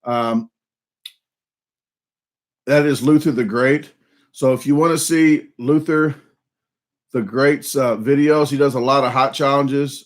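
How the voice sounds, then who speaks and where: A man with a Southern US accent hosting a casual live stream, rambling with lots of fillers and restarts, a little hoarse and coughing. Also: medium pitch.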